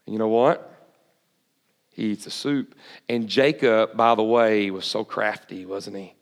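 A man's voice: fairly low pitch, a little slow, pauses often, in a large hall. A man preaching a sermon, retelling a story and questioning the audience. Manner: animated, asks the audience questions.

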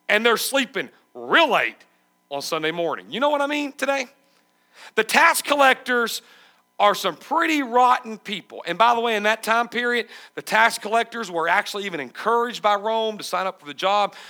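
High gravelly preacher. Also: male voice, sharp tone. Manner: emphatic, asks the congregation questions. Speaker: pastor. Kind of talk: sermon.

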